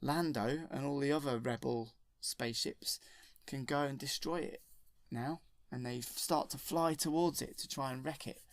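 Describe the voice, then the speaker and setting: Rambling storyteller, gravelly edge, dry close sound. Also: male voice, medium pitch, fairly even intonation, moderate pace, no room sound. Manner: rambling and enthusiastic, with self-corrections. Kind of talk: retelling a film from memory.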